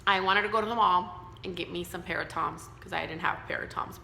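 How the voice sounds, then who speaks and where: A woman's voice: lowish voice, fairly even intonation, fast talker, creaky, pushed and bright. A woman in her thirties telling a personal story in a casual, candid way, sometimes with profanity, acting out the voices of people she quotes. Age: 30s. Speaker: vlogger sharing her cancer story. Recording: echoey room with faint hiss.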